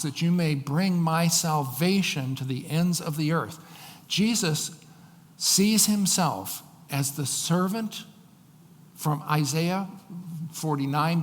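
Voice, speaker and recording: A male pastor preaching a sermon, slowing down to read scripture with emphasis. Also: on the high side, in a large hall.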